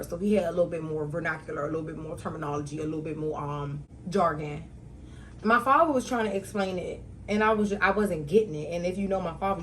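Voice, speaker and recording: A young woman hosting her own talk show, telling stories casually with slang and sudden loud outbursts. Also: on the low side, slight background noise, poor audio.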